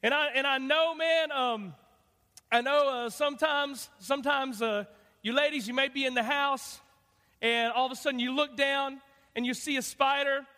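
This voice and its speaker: A man's voice: extremely high pitch, fairly even intonation, normal speed, sharp tone, big-room sound. A man preaching a sermon as a guest pastor, chatty and joking, with many fillers and restarts. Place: church sanctuary.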